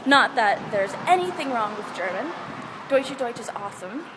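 A woman's voice: fairly high pitch, animated, normal speed. A woman vlogging casually as she walks a downtown street, bubbly and playful, exclaiming often, recorded on a handheld camera. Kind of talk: casual vlog chat. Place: outdoors on a busy downtown street. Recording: noisy street with traffic.

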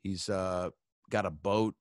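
This male podcast guest, a comedian, talks slowly in a steady, low register with a clear, resonant tone. His casual chat wanders through comic riffs loaded with swearing and filler words. The recording is dry and studio quality.

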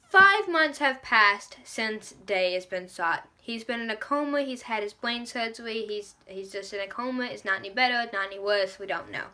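A young woman with a high, bright voice chats through a book review in a casual vlog. She gushes dramatically and acts out her own reactions as she retells the story. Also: normal speed.

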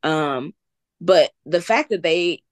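A woman's voice: on the low side, animated, slow, no echo. A woman from the American South, a guest entrepreneur, telling her story earnestly with faith in God. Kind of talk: casual interview talk.

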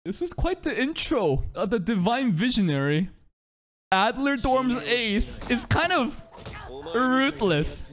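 An anime reaction channel host giving casual, excitable commentary, swearing often and laughing a lot. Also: mid-range voice, takes it slowly.

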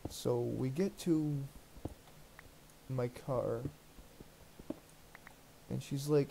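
A man with a dark, mellow voice at an ordinary middle pitch chats into his gaming mic. He retells a personal grievance in a loose, rambling way, swearing freely and sounding put out. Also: a little slow, creaky, long pauses, slight background noise. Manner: rambling, profane, aggrieved retelling. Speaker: let's play host. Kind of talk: casual storytelling while gaming.

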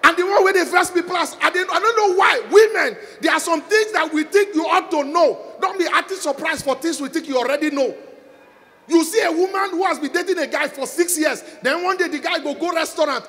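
A man with a Nigerian accent doing stand-up comedy on a concert stage, telling stories loudly in Pidgin and English. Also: very high-pitched, brisk. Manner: loud, animated storytelling in Nigerian Pidgin and English.

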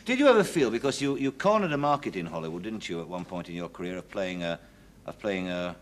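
A man interviewing a guest, asking probing, polite questions with halting restarts. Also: low voice, lively intonation, slight background noise.

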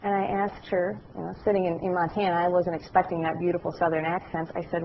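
A middle-aged woman giving a class lecture, telling anecdotes in a lively way and acting out the voices of people she describes. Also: lowish voice, brisk, lo-fi sound, a little hiss or hum. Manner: animated storytelling, acts out voices.

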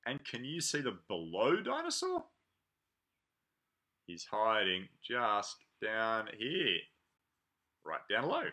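A man leading a preschool playgroup, reading a picture book aloud to toddlers in an animated, sing-song way with drawn-out words. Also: lowish voice.

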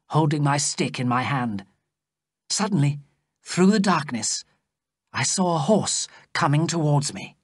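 A narrator reading a graded story aloud slowly and plainly for English learners. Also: no room sound, studio quality. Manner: slow, clear storytelling with lively pitch. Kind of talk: slow scripted audiobook narration for English learners.

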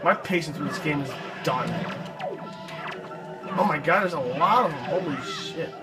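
A man's voice: fairly high pitch, moderate pace, low-quality recording. A young man commentating a video game he is playing, frustrated and swearing often. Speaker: gameplay commentator. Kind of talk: let's play commentary. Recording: game music underneath.

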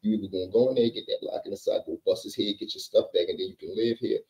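A man's voice: on the low side, fast talker, darkish tone, muffled recording, close to an everyday voice. A man doing menacing tough inmates. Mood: threatening.

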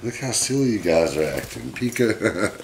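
A middle-aged man with a low, gravelly voice chats slowly and affectionately with his pet monkeys. He chuckles often and slips into gentle baby talk. The room echoes, and a faint hiss sits behind him. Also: lively intonation. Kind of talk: casual vlog talking to pets.

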